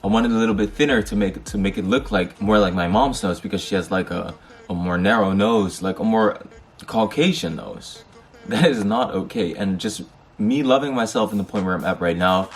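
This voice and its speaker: Frank, swearing young man, lowish voice. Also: moderate pace, faint music behind. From Netherlands. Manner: frank, heated, sprinkled with swearing and slang. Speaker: vlogger. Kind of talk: casual personal storytelling.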